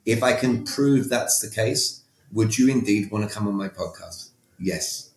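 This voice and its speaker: A man with a fairly low voice speaks at a measured pace in a roomy-sounding space. As a podcast guest, he gives conversational coaching talk, emphatic in tone, repeating words and posing rhetorical questions.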